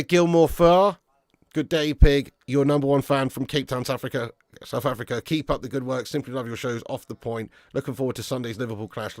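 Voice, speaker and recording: With a medium-pitched voice recorded at studio quality without room sound, a young man hosts a football fan live stream. He reads viewer comments in casual banter, laughs a lot, and refers to viewers as lad and mate.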